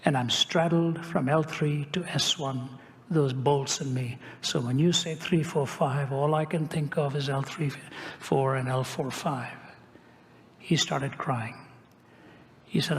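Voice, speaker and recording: Male preacher, fairly high voice, storytelling sermon with quoted dialogue, long hall echo. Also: slight background noise. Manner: recounts dialogue, acting out quoted speech, with wry asides.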